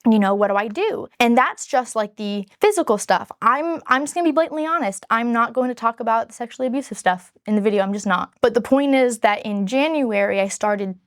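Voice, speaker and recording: A woman's voice: on the high side, animated, brisk, few pauses, no room sound, studio quality. A woman speaking frankly and earnestly to camera as she tells her own story in a casual vlog. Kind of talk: candid personal storytelling to camera.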